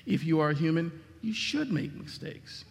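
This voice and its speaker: A high-pitched man preaching with emphatic swings, dropping low on key words and rising sharply for emphasis. His voice rings with a long hall reverb. He delivers the sermon as a pastor. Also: animated, normal speed, creaky, husky, soft background music. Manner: emphatic preaching with dramatic drops and rises in pitch.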